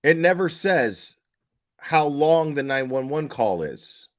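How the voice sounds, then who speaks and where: This man speaks with a fairly high pitch, very animated yet slow, offering casual true crime commentary. Skeptical and questioning, he stumbles over restarts, fires off rhetorical questions, and acts out quoted dispatcher questions.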